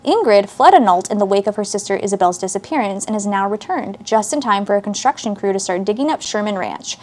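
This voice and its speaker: A woman's voice: mid-range voice, animated, fast, darkish tone. A woman, casually chatting as she reads book synopses aloud and reacts to them. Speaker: book channel host.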